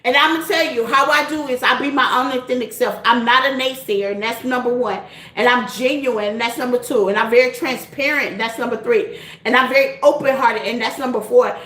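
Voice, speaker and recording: A middle-aged woman who reads tarot and hosts a channel chats casually with her viewers in a fairly high, slightly bright voice, talking a little fast. She laughs often and repeats her points in a direct, folksy manner. The sound is roomy.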